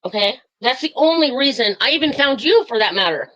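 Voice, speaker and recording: A woman's voice: fairly high pitch, expressive, a little fast, fairly bright tone, highs cut off. A woman calling into a live stream, furious and swearing, rambling with many fillers as she tells what happened to her. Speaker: caller. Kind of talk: angry live-stream call.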